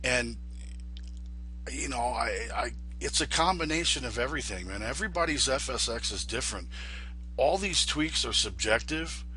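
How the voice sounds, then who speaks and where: A man's voice: mid-range voice, lively intonation, moderate pace, sharp tone, slight background noise. A man with a sinus infection, sounding congested, talking casually and rambling through a flight sim tutorial with many restarts. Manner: rambling, restarts often, folksy. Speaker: flight sim video host.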